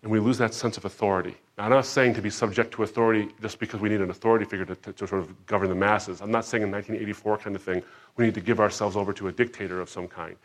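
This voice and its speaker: A man's voice: fairly low pitch, steady tone, rapid-fire. Man preaching a dramatic sermon. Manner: dramatic, swings between soft reflection and loud emphatic outbursts; acts out quoted voices.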